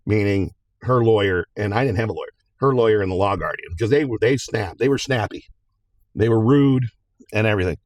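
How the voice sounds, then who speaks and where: A man's voice: lowish voice, fairly quick, no echo. A man in a plain-spoken, casual manner, recounting a personal story.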